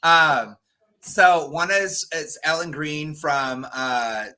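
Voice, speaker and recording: Chatty male guest performer, bright and tense tone, slightly high. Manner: animated, chatty, quick asides with fillers. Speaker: guest drag performer and cosplayer. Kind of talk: casual interview chat.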